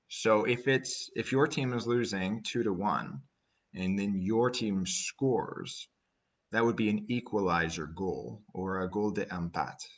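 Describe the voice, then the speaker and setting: A young Canadian man with a Canadian accent, an English teacher giving a chatty, relaxed vocabulary lesson full of asides. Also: low-pitched.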